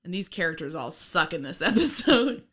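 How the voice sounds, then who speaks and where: A woman with a lowish voice co-hosts a casual podcast recap at a moderate pace. She's animated and laughing, swears often, and acts out lines from the episode.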